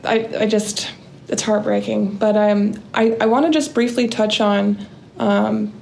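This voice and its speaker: Gravelly-voiced woman interviewer. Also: medium pitch, steady tone, a little slow, darkish tone, slight background noise. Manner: hesitant, with many fillers and restarts. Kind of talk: casual interview questions.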